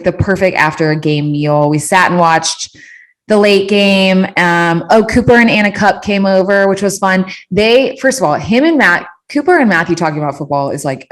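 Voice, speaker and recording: Chatty woman, lowish voice. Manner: chatty and candid, swears often, many fillers and restarts. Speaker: podcast host answering listener questions. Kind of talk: casual chat.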